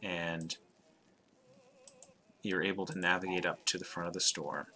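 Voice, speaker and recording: A man narrating as game master, hesitant with fillers and slowing down for dramatic description. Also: deep voice, level tone, sharp tone, slight background noise.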